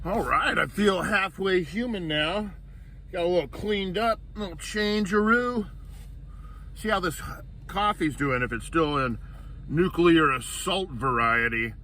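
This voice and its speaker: A man's voice: high voice, measured pace, pushed and bright, a little hiss or hum. A man casually narrating his own camping vlog outdoors at a campground, jokey and playful. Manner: jokey, playful and self-amused. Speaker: vlogger.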